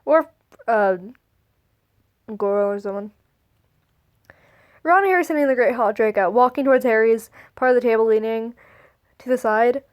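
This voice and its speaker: High-voiced woman reading fan fiction. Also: normal speed, pauses often, clean tone, dull audio. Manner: stumbling over words, restarting and laughing at the text.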